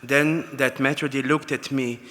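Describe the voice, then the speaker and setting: A man's voice: mid-range voice, steady tone, measured pace, fairly bright tone. A man from Israel, telling anecdotes with fillers and restarts in an acceptance speech at an awards dinner. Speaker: award recipient. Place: large banquet hall. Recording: reverberant hall with PA.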